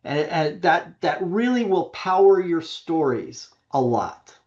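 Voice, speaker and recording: A man coaching an online webinar audience, lively and emphatic, often restarting his sentences. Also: on the high side, takes it slowly, muffled recording. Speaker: webinar presenter. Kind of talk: coaching talk with worked examples.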